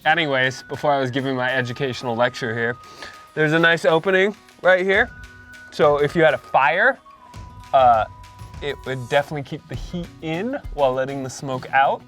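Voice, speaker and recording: A man's voice: fairly high pitch, normal speed, fairly bright tone, soft background music. A man co-hosting a travel show, teasing his partner in a dry way and signing off. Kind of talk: casual banter and sign-off.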